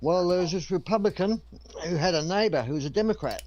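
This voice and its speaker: A man's voice: sits high, expressive, quick pace, darkish tone. Rambling joke-telling man. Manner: rambling storyteller with many restarts.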